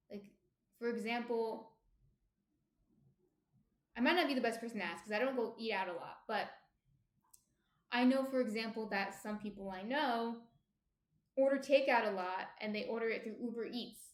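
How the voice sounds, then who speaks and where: This woman, from New Jersey and speaking with its accent, keeps up relaxed livestream chatter while baking and answering viewers. Her pitch is fairly high and the sound is roomy.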